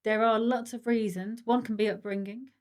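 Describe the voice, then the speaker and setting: A woman's voice: on the high side, fairly even intonation, normal speed. A woman from Stoke-on-Trent, co-hosting a casual podcast in a chatty, explanatory way with a psychology-minded angle. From Stoke-on-Trent, England. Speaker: podcast co-host. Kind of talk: casual chat.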